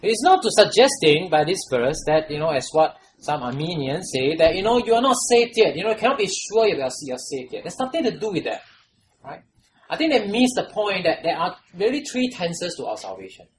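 A pastor preaching a sermon, repeating phrases and putting questions to the congregation, rising to loud exhortation and falling to hushed trailing lows. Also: sing-song, fairly quick, slight background noise, low-quality recording.

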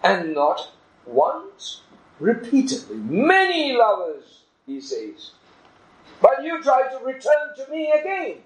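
A man's voice: extremely high pitch, wildly swooping pitch, slow pace, reverberant, low-quality recording. A man preaching a sermon in an earnest, emphatic manner, illustrating his points with a story.

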